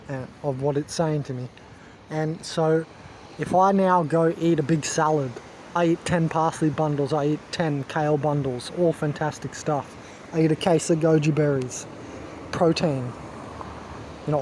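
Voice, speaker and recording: Preachy self-assured man, mellow voice. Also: on the high side, slight background noise. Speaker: wellness vlogger. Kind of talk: rambling monologue to camera.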